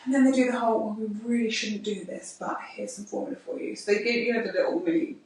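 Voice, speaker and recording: A woman, co-hosting a casual podcast chat as a mother, telling stories in an expressive, ranting way. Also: a little high, quick pace. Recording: echoey room, mic far off.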